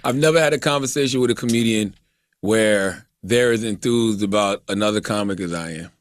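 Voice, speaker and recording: Co-host: a quick, slangy man, dry close recording. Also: fairly low pitch, no echo. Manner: loose slangy talk. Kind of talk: casual podcast conversation.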